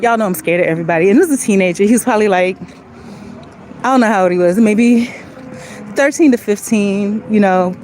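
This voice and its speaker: Woman vlogging outdoors, earnest and emotional, meandering talk, middle pitch, faint traffic behind. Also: a little mellow, low-quality recording. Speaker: vlogger speaking to viewers. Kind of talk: casual rambling vlog talk. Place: outdoors on a street, walking.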